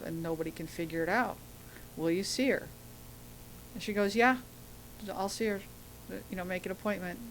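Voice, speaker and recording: Middle-aged woman, low-pitched, lively storyteller, faint rumbling noise behind. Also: rough recording. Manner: animated storytelling, acting out quoted voices. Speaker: guest. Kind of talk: telling a personal story.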